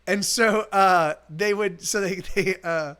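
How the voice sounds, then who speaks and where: A man's voice: high-pitched, slow, fairly bright tone, smooth. A male musician streaming live, telling a rambling, casual story full of restarts and swearing, with faint guitar behind.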